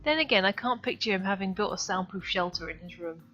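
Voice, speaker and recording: A woman's voice: mid-range voice, fast talker, fairly bright tone. Woman streaming, reads the game out and cracks dry jokes, muffled audio. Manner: wry asides between dialogue. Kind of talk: reading a visual novel aloud with commentary. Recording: dull lo-fi stream audio, faint music.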